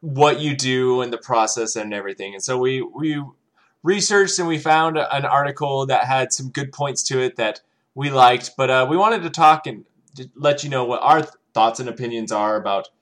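A woman's voice: a bass voice, normal speed. A woman co-hosting a casual parenting chat, chiming in with short, easygoing remarks. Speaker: podcast co-host.

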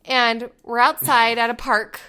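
A woman in her thirties, a mother telling a story in casual chat, animated and laughing often. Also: fairly high pitch, unhurried, smooth.

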